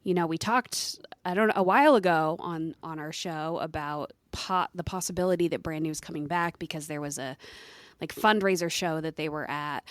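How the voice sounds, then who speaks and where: A woman's voice: sits low, moderate pace, no echo, clean studio sound. A woman co-hosting a podcast in casual chat, talking loosely with fillers and trailing phrases. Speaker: podcast co-host.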